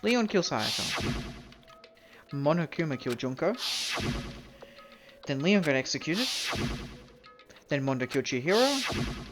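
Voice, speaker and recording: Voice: medium pitch, very animated, a little slow, pauses often, loud music behind the voice. A young-adult game streamer from Canada, chatting casually, rambling, self-mocking and swearing freely. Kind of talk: casual live-stream chat.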